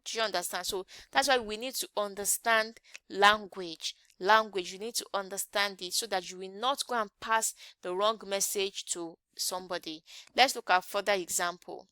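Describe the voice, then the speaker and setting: A woman's voice: medium pitch, moderate pace, pushed and bright, clean tone, no echo. A woman teaching an English grammar lesson online, often checking in with rhetorical questions.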